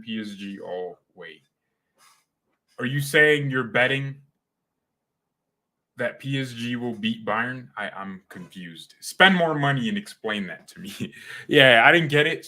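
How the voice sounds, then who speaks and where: Man, young adult, livestream host, casual slangy chat, bright tone. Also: mid-range voice. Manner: animated, slangy, excitable. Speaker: fan channel host.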